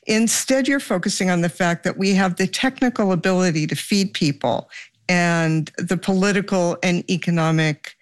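An interviewer asking deliberate, probing questions. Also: medium pitch, dry recording.

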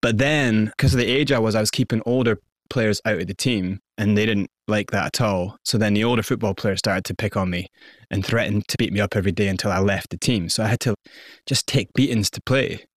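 A man with a Scottish accent, candidly recounting his past as an interview guest in a lively, conversational way. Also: lowish voice, a little fast, no room sound, studio quality. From South Africa and Scotland. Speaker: interview guest, former hip-hop performer. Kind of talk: conversational storytelling.

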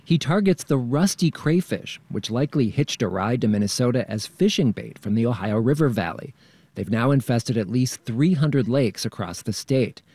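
A man, a radio reporter, narrating a scripted news feature in a calm, measured way. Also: mid-range voice, husky, no echo.

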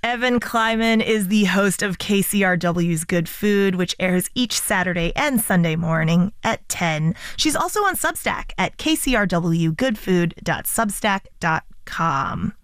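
A woman's voice: on the low side, expressive, a little slow, few pauses, fairly bright tone, clean tone, no echo, clean studio sound. A woman hosting a radio interview in a friendly, conversational way. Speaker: radio host.

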